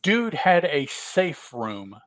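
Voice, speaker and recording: A man's voice: fairly high pitch, sing-song, slow pace, fairly bright tone, dry recording. A man co-hosting a podcast, adding wry, joking comments about comics. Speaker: podcast co-host. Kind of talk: casual chat about comics.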